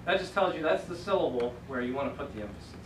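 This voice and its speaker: A man's voice: fairly high pitch, expressive, racing, fairly bright tone, a little hiss or hum. Patient man teaching in an echoey classroom. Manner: patient, encouraging, explains step by step. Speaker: Greek teacher. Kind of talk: classroom lecture. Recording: echoey classroom from a distant camera.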